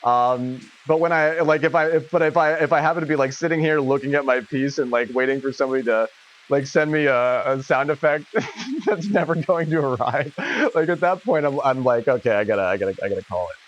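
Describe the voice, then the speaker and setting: A man's voice: on the high side, normal speed, highs cut off. A man hosting a casual livestream who laughs often and swears freely. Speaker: livestream host.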